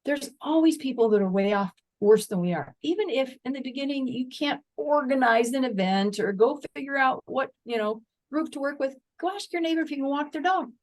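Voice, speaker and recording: An older woman with a fairly high voice talks with earnest warmth about pushing through hard times. Her delivery is folksy and encouraging, and she sometimes plays out her own inner back-and-forth in quoted lines. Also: animated, fairly quick, few pauses. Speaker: guest. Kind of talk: interview conversation.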